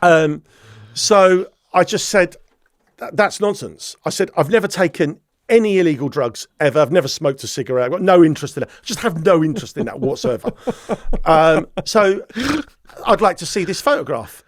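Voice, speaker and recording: Animated man telling a story. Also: a little high, moderate pace, no echo, studio quality. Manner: animated, acts out quoted dialogue. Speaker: podcast guest. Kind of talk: storytelling interview.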